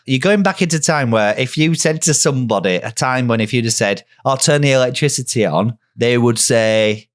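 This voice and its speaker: A man's voice: medium pitch, moderate pace, hardly any pauses. A man guest leading a playful, self-interrupting improvised scene on a comedy podcast. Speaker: guest storyteller.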